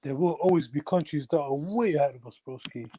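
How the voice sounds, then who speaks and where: A man's voice: on the high side, quick pace, a loud crowd. A young man in casual chat, switching into Somali and calling his friends bro. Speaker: open mic speaker.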